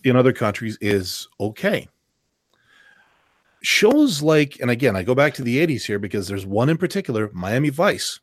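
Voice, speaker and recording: Male podcast host, mid-pitched, rambling and sarcastic, dry close mic. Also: sing-song, moderate pace, no room sound. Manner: rambling, emphatic, sarcastic asides. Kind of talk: casual panel discussion.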